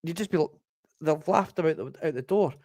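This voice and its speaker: A man's voice: on the high side, brisk, a little mellow, no echo. A man co-hosting a casual football podcast, acting out haggling exchanges as he tells stories. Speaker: podcast co-host.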